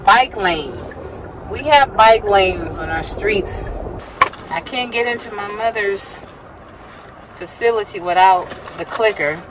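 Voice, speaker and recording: In her car, a woman vlogs while driving, chatting casually with viewers in a medium-pitched voice. She laughs often, talks to herself and is sometimes out of breath, with background noise audible.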